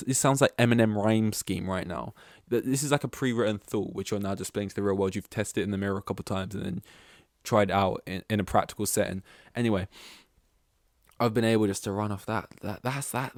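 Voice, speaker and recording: Rambling, low-voiced male podcaster. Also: dry recording, clean studio sound. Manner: rambling, self-deprecating, swears casually. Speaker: podcast host.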